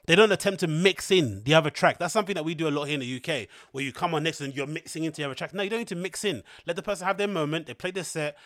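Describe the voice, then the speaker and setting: A man's voice: on the high side, a bit bright, dry recording, clean studio sound. A man hosting a podcast, rambling in casual slangy chat and laughing often. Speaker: podcast host.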